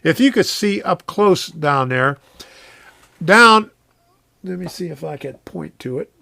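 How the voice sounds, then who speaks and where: Gravelly guy chatting slow on a live stream from his train room, chuckles a lot, dry close sound. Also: on the high side, lively intonation, pushed and bright, no echo. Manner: rambling, chuckles often, reads chat aloud. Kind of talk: casual live-stream chat.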